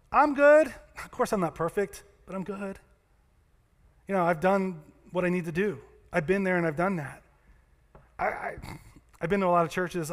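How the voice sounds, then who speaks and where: High-voiced man preaching with hall reverb. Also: fairly bright tone. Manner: conversational storytelling preacher, acts out voices. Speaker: pastor. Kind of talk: sermon. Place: church sanctuary.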